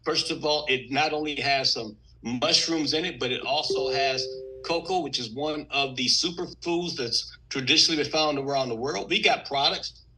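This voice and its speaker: A man from Texas, giving an energetic, emphatic sales pitch on a video call. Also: moderate pace, slight background noise, rough recording. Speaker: business presenter on a video call.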